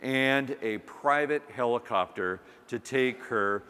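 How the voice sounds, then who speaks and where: A man's voice: medium pitch, slow, bright, forceful tone, smooth. A man giving a humorous keynote talk at a conference, telling a story with acted-out quotes. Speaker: conference speaker. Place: conference hall. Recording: long hall reverb.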